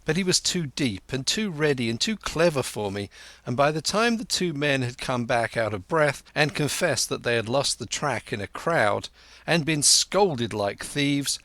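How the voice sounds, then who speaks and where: A man's voice: medium pitch, lively intonation, a little slow, a bit bright, dry recording. A man narrating an audiobook in a first-person storytelling voice.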